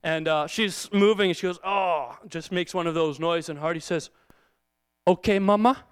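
High-voiced man preaching a sermon. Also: fairly even intonation, brisk, smooth, dry recording. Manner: conversational storytelling, acts out quoted prayers. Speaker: pastor.

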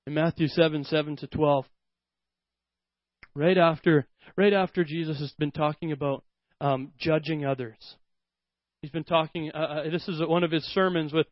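High-voiced young male preacher. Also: moderate pace, no echo, dull audio. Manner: animated, conversational, acts out scenes with voices. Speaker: pastor. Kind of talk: sermon.

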